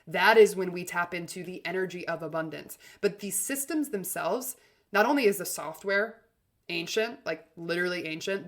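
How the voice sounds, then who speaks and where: A woman's voice: fairly low pitch, a bit bright. A woman hosting a motivational podcast about confident communication, with an upbeat, chatty delivery full of "like" and "literally.". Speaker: podcast host and communication coach.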